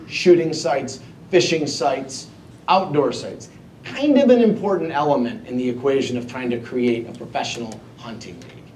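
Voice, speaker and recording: Male keynote speaker, animated storyteller who plays out his own thoughts, distant mic with a faint low rumble. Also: echoey room. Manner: self-mocking humor. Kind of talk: motivational storytelling speech. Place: event hall before an audience.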